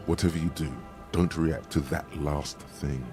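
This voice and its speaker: Game narrator, very low voice, gravelly, slow, ominous second person, music behind. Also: male voice, steady tone. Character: grave male inner narrator voice. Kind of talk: game voice acting.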